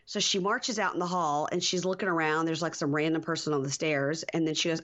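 A woman in her forties co-hosts a podcast, casually recapping TV scenes and performing the quotes herself. Her voice sits low, with a fairly bright tone and a fairly quick pace. The audio is dull and lo-fi.

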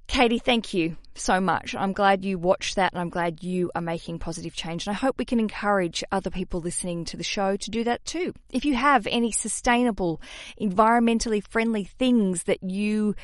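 A young adult woman hosting a podcast, chatty and animated with self-deprecating asides. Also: mid-range voice, normal speed, no room sound, studio quality. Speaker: podcast host. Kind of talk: casual podcast talk.

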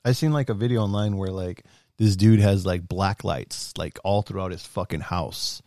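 A man's voice: low-pitched, normal speed, mellow, no echo, clean studio sound. A man chatting casually and telling a story, loose and profane, often laughing. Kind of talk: casual chat.

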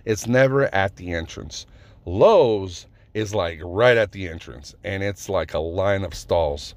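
A lower-voiced man spinning a casual story as a rant, cursing freely. He rambles, trips over his sentence starts and leans on "um" and "like" as he goes. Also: unhurried, a little mellow, no echo. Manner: rambling, profane, many fillers and restarts.

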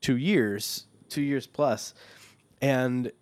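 A man's voice: medium pitch, very slow, darkish tone, no room sound. A man co-hosting a podcast, speaking in a reflective, hesitant way with many restarts. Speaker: podcast co-host. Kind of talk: casual chat.

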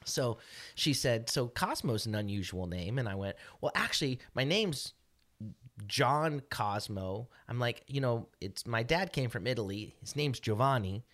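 A man's voice: medium pitch, animated, measured pace, fairly bright tone, no echo. A middle-aged man co-hosting a podcast, telling a story casually in a rambling way with many restarts and fillers. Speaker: podcast co-host.

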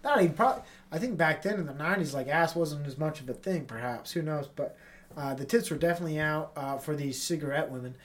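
A man's voice: on the high side, quick pace, fairly bright tone. A man with a stuffy nose hosting a casual solo podcast from his apartment, rambling and swearing in a laid-back way. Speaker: podcast host. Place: apartment with tenants upstairs.

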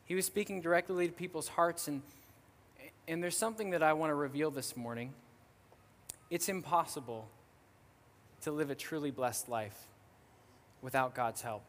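A man's voice: on the high side, normal speed, long pauses. A man preaching a sermon as pastor, earnest and repetitive, and leading a prayer in a church. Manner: earnest, warm-hearted preaching with repeated phrases. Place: church sanctuary. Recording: church hall reverb.

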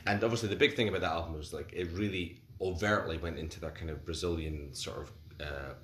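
A man's voice: low-pitched, fast, fairly bright tone. A man in his forties co-hosting a casual music podcast, rambling and hesitant with lots of fillers and restarts. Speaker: podcast co-host. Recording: roomy recording with faint background hiss.

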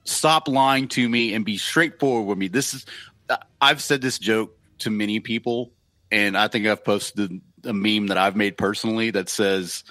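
A man's voice: fairly low pitch, fairly bright tone, dry recording. A man co-hosting a podcast, joking crudely and animatedly in casual chat. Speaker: podcast co-host.

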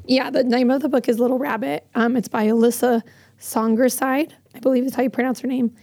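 Hoarse, high-voiced chatty woman. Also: steady tone, a little fast, a little mellow, dry recording, studio quality. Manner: chatty, rambling with many fillers. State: hoarse, strained voice after losing it. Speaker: podcast co-host. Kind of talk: casual chat.

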